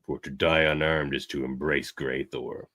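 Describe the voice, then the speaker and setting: A man's voice: rumbling low, flat delivery, normal speed, a bit bright, no echo, studio quality, pitched below the performer's own voice. A man voicing a grim male Romulan zealot who speaks solemnly and menacingly.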